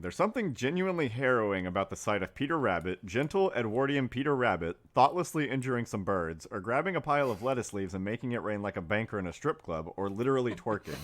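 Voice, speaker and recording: A man hosting a comedic podcast, reading critics' quotes aloud through amused laughter. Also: mid-range voice. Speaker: podcast host. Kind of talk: casual comedic chat.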